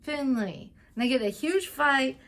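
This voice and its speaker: Chatty high-voiced woman recapping a show. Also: expressive, gravelly, a bit bright. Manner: chatty and gushing, full of "like" and "um"; acts out characters' lines in quick asides. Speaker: TV recap and tarot vlogger. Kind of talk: casual TV episode recap.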